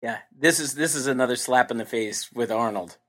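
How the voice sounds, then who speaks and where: A man's voice: medium pitch, brisk, fairly bright tone. A man co-hosting a podcast in casual chat, sarcastic and fond of acting out quotes. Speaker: podcast co-host.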